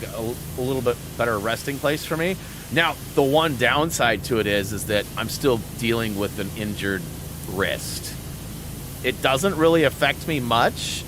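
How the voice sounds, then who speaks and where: A man's voice: medium pitch, noisy background. A middle-aged man hosting a gaming channel, chatting casually and acting out quotes, laughing often as he tells stories over gameplay. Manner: animated storyteller who acts out quotes, laughs often. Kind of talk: casual gameplay commentary and storytelling.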